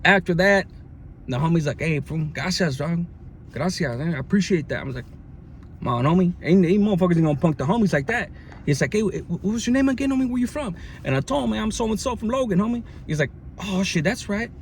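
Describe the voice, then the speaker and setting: Man with a fairly high voice, casual storyteller full of slang and fillers, faint hiss behind him. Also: expressive, a little fast. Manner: slangy, lots of fillers and restarts. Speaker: storyteller recounting jail experience. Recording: faint background noise.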